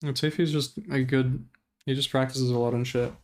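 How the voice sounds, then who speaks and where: Young male streamer, mid pitch, smooth clear voice, profane rambling commentary. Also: steady tone, normal speed. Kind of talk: casual livestream commentary.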